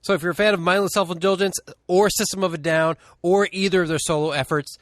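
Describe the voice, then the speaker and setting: A man's voice: high-pitched, fairly even intonation, fast, dry recording, studio quality. A man co-hosting a podcast from a record shop, speaking in a laid-back, jokey way and swearing casually. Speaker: podcast co-host. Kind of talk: casual chat. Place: record store.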